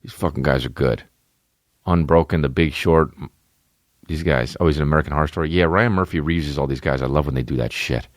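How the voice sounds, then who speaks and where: A man hosting a podcast in casual chat, rambling and swearing a lot, with big jumps in pitch. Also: brisk, dry recording, clean studio sound. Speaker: podcast host. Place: home studio with barking dogs nearby.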